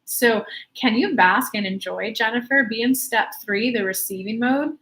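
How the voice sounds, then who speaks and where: A woman's voice: fairly high pitch, moderate pace, fairly bright tone. A woman coaching live as she answers viewer questions, in a chatty, emphatic way. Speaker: law of attraction coach.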